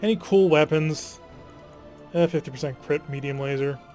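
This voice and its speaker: A man hosting a let's play, talking through his game in a chatty, wry way and sighing when things go wrong. His voice sits a bit on the high side. Light music runs beneath his talk. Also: normal speed, darkish tone. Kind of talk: casual gameplay commentary.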